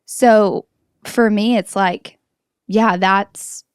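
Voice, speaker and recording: A woman's voice: medium pitch, steady tone, extremely slow, smooth, dry recording, studio quality. A woman co-hosting a podcast, chatting casually and telling stories with quoted voices. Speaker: podcast co-host. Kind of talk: casual chat.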